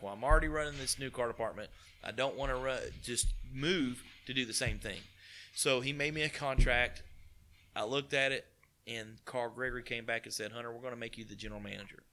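Southern man with an East Tennessee accent, forceful bright tone, folksy anecdotes, mid-range pitch. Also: fast. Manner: folksy, animated retelling with quoted dialogue. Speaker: car dealership partner. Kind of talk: casual storytelling interview.

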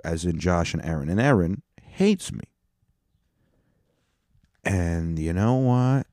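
A man with a very deep, mellow voice rambles through a profane solo rant, often stopping to correct himself. The sound is dry and close, with no room around it. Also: lively intonation, slow, pauses often, no room sound. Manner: profane, rambling, self-interrupting. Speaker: stand-up comedian and podcast host.

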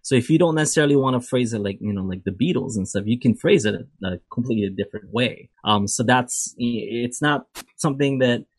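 A man's voice: mid-range voice, a little fast, breathy edge, dry recording. A man teaching an instrument lesson, explaining playing technique in a loose, rambling way with many fillers and restarts. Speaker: music teacher.

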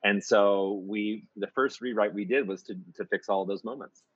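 A man's voice: fairly low pitch, steady tone, moderate pace, slightly rough, no echo, muffled recording. A man who writes musical theater, chatting in an interview and rambling through many restarts and fillers. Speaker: musical theater composer and lyricist. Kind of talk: casual interview chat.

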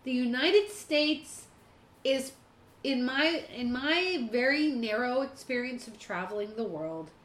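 A woman co-hosting a casual chat, emotional and talking fast in bursts. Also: sits high, expressive, fairly bright tone. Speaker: podcast co-host. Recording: echoey room.

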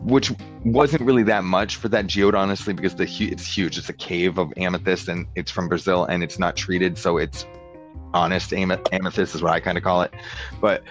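Man, casual chat, rambling, lots of "like", low voice, dull lo-fi sound, faint guitar behind. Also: steady tone, brisk. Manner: rambling, full of "like", quotes people in voices.

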